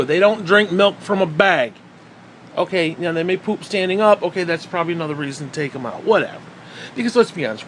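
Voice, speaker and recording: A man delivers a profane, sarcastic rant with a fairly high voice for a man, swinging between heated outbursts and muttered asides. A faint hum of air conditioning sits under his voice. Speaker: vlogger. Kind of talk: profane ranting commentary.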